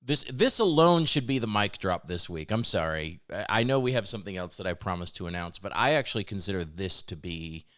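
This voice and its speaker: A man's voice: deep voice, expressive, a little fast, hardly any pauses, fairly bright tone. Enthusiastic male developer hosting a livestream. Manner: enthusiastic, chatty, laughs often. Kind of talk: casual live-cast announcements.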